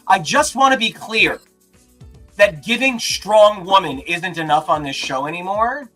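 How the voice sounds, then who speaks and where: A man co-hosting a casual reaction chat, talking in animated bursts of rapid-fire questions and mock outrage. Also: high-pitched, faint music behind. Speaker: podcast co-host.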